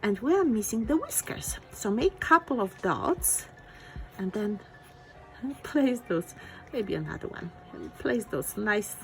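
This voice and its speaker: Woman art teacher, gravelly, lively pitch, faint music behind. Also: unhurried, low-quality recording. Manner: encouraging, thinking aloud while drawing. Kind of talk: step-by-step drawing lesson.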